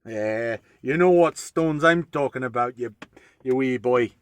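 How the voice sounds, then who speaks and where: A man voicing a gruff male dwarf with a put-on Scottish accent, teasing his listener loudly. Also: mid-range voice, unhurried, lightly acted. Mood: mocking.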